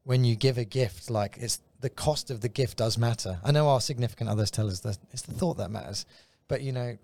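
A man's voice: mid-range voice, a little fast, creaky, darkish tone. A man from London with a British accent, a guest speaking thoughtfully in a casual Christian talk show. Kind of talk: casual faith conversation.

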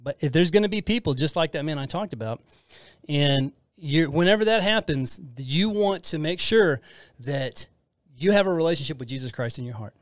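A man's voice: fairly high pitch, lively intonation, normal speed, dry recording, clean studio sound. A man hosting a podcast, teaching the Bible in a casual, earnest way with many restarts and fillers.

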